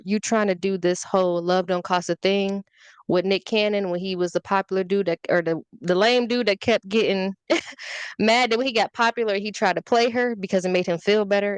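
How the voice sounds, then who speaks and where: A woman's voice: mid-range voice, brisk, clear, resonant tone, dry recording. A young woman, chatting candidly on a podcast about dating and trolls, telling stories with swearing and sass. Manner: petty, candid, animated storytelling with swearing. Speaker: podcast guest, social media influencer. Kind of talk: casual podcast chat.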